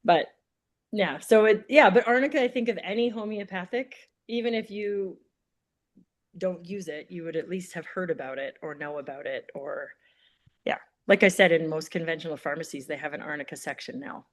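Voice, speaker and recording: Lively, low-voiced woman guest chatting. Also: moderate pace. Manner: animated storyteller, full of "like" fillers. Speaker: naturopath guest. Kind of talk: casual interview chat.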